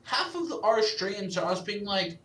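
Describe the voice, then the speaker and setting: A woman's voice: mid-range voice, sing-song, a little slow, a bit bright. A woman co-host bantering and teasing her partner while they play a game. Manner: teasing, jokey back-and-forth. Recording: echoey room.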